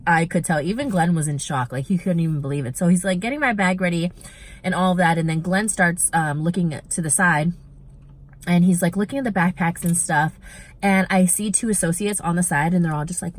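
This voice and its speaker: A woman vlogging from a shopping mall, telling a story in a chatty, animated way with many "like" fillers. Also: on the low side. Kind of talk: casual storytime chat.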